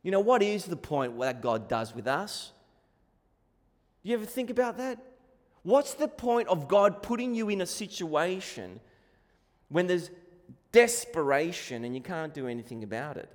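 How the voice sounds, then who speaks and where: A man's voice: high-pitched, expressive, normal speed, long pauses, big-room sound. A man preaching a sermon, impassioned and pleading, recorded in a church. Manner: impassioned, rising to pleading cries.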